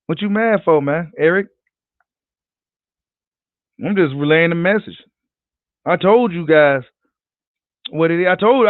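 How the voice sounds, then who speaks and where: A man hosting a casual boxing livestream, talking in an animated, slangy, profane way and repeating himself as he reads comments. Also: fairly high pitch, no room sound. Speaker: boxing channel host. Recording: tinny phone-like audio.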